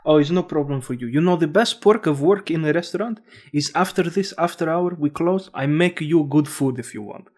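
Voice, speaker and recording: A man's voice: fairly high pitch, fairly quick, a little mellow, pitched above the performer's own voice, close to an everyday voice. A man doing a jovial immigrant restaurateur. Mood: kindly. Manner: broken English, effusive, salesman.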